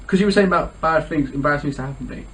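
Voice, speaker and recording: A young man rattles through stories at speed, stringing them together with "like" and breaking into laughter. His voice sits a little high. He is recorded from a distance with faint background hiss. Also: rapid-fire, a bit bright. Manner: rambling, heavy use of "like", laughs often. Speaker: podcast co-host. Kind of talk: casual chat. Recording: distant mic with faint ambient noise.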